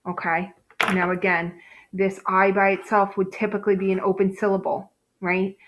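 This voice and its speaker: A woman's voice: medium pitch, flat delivery, normal speed, highs cut off, noisy background. Woman, teacher, phonics lesson, patient step-by-step explaining, fillers and check-ins. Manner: patient, explains step by step, frequent okays and ums.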